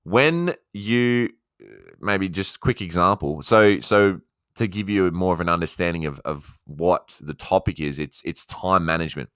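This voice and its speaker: Deep-voiced Australian man hosting a podcast. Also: measured pace, a bit bright, clean tone, no echo, clean studio sound. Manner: chatty, voices his listeners' questions back to himself. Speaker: podcast host. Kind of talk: casual solo podcast talk.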